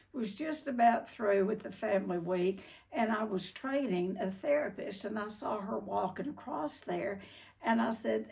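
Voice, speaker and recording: A woman's voice: a little high, gravelly, a little mellow, far from the mic. An older woman who owns a treatment center, telling a candid personal story in a folksy way, with frequent fillers.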